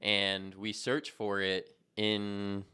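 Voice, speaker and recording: A man hosts a spiritual podcast with a low, bright, very crisp voice. He moves through his thoughts slowly and deliberately, with unhurried pauses. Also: completely flat delivery. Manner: slow, deliberate, spiritual phrasing. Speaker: podcast host. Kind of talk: conversational interview.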